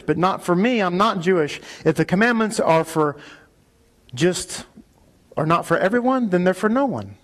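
A man preaching a sermon in a synagogue, arguing emphatically and rising to loud peaks on key points. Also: sits high, lively intonation, normal speed. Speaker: rabbi.

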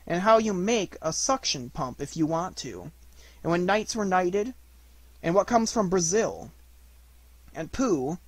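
Gentle male storybook narrator, dry sound. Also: high voice, no room sound. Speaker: audiobook reader.

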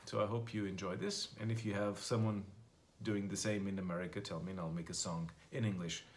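A man giving a comic monologue in deadpan, darkly sarcastic tones, calling his viewers darlings. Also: lowish voice, a little fast. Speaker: comedian. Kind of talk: comic monologue with a satirical song.

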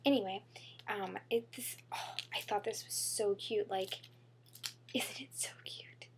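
Bubbly young woman with a gravelly edge. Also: medium pitch, a little slow, whispered. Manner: bubbly, chatty, full of fillers and "oh my god". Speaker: beauty vlogger. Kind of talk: casual haul vlog.

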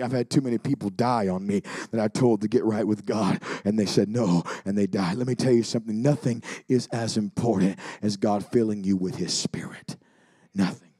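A man's voice: lowish voice, normal speed, breathy edge, no room sound. Fervent male preacher, dry close sound. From Alaska. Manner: builds to shouting, then drops to quiet storytelling. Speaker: pastor. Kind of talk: Pentecostal sermon with storytelling.

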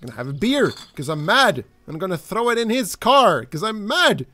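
An excitable young man narrates his own gameplay as a channel host, swearing freely and yelling at characters on screen. His voice sits high and swings widely in pitch, leaping up when he gets worked up. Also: normal speed, no echo. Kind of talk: let's play commentary.

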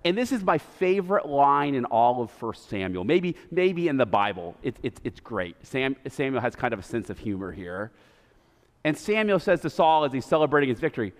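A man's voice: mid-range voice, very animated, moderate pace. A male pastor preaching a sermon, retelling the story casually and animatedly with lots of fillers, recorded in a reverberant church sanctuary.

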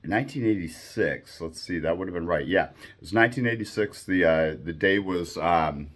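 A man in his fifties with a very low, deep voice tells a story straight to the listener. He rambles and curses freely, and he fills his pauses with "you know" and "uh". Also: fairly bright tone. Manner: rambling, swears freely, many fillers. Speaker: storyteller recounting his past. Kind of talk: casual storytelling monologue.

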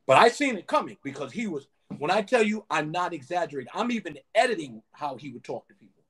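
Animated, husky-voiced ex-bouncer man. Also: on the high side, fast talker. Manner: animated storyteller who keeps adding "man". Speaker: former nightclub bouncer. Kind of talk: storytelling in a podcast interview.

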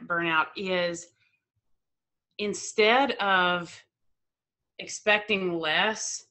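A woman's voice: on the low side, pushed and bright. A woman therapist guest explaining ideas thoughtfully in a conversation. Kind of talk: expert conversation.

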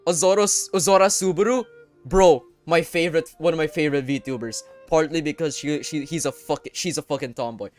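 A young man giving casual gameplay commentary, crude and excitable, breaking into sudden loud outbursts. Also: fairly high pitch, fairly quick. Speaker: gaming YouTuber. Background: faint game music.

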